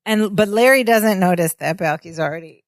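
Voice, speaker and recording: A woman's voice: medium pitch, moderate pace, no echo, clean studio sound. A woman co-hosting a podcast, casually retelling sitcom scenes and quoting the characters. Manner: lively storytelling, quotes characters. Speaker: podcast co-host. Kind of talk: casual chat recapping a sitcom.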